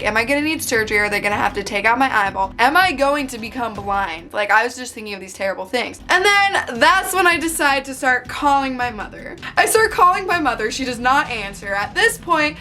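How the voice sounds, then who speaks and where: A young woman vlogger telling a dramatic story-time tale in an animated, breathless way. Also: on the high side, fairly quick, few pauses, faint music behind. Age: young adult.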